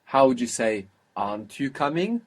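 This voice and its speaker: A man's voice: medium pitch, very animated, normal speed. A man teaching a language lesson, patiently prompting his student with questions and repeating the answers.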